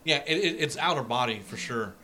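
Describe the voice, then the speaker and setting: A man in casual podcast chat, halting with fillers and quick to swear. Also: mid-range voice, expressive, bright, forceful tone. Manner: halting, laughs easily, swears.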